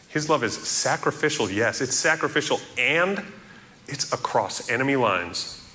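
A man preaching an earnest sermon as a pastor, stressing quoted scripture slowly and emphatically. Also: medium pitch, animated, bright, forceful tone, slight background noise.

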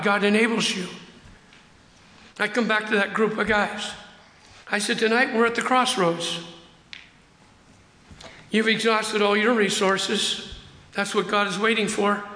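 An older man preaching as pastor of his church, acting out quotes and slowing down hard for emphasis. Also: high-pitched, sharp tone. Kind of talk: sermon. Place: church sanctuary. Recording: echoey hall.

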